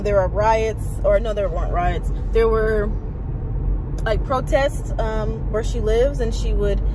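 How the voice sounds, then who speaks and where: A woman's voice: on the high side, background noise. A young woman and mother chatting frankly and animatedly in a casual vlog. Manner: animated, frank, talks with lots of "like". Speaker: vlogger and mom.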